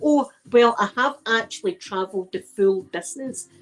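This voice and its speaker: A middle-aged Scottish woman with a slightly high voice, chatting in a soft-spoken ASMR style. She rambles through her stories, dropping in local words like aye and wee. Gentle music plays faintly underneath. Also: moderate pace, poor audio. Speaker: ASMR channel host.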